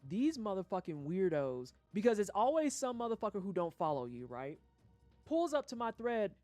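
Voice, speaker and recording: A woman from St. Louis streams a game, casually ranting with lots of cursing in an animated style. Her mid-range voice moves at a moderate pace, with no echo and soft music playing in the background.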